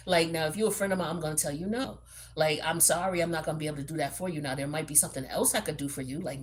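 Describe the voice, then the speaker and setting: A woman's voice: low voice, slight background noise. A woman giving a casual tarot reading, blunt and profane, with streetwise slang and lots of chatty fillers and asides. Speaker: tarot reader.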